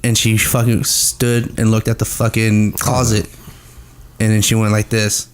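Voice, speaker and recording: A man's voice: fairly low pitch, completely flat delivery, unhurried, clean tone. Profane storytelling man. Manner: profane storytelling, acts out dialogue. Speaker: podcast guest. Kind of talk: casual chat.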